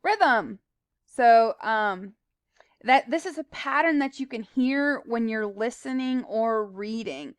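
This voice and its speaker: Smooth-voiced woman teaching. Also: fairly high pitch, slow, no echo. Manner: explains plainly, with fillers and asides. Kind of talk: recorded slide lesson.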